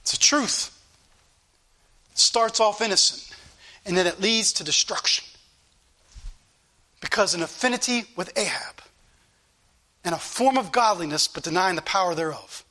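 A man's voice: high voice, moderate pace, long pauses, sharp tone. A middle-aged man preaching a fervent sermon in a church, his delivery rising and falling with passion.

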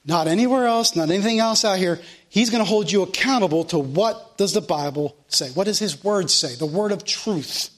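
A middle-aged man preaching a sermon in a church, fervent, swinging from loud Scripture reading to soft, earnest pleading. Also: sits high, moderate pace, few pauses. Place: church sanctuary.

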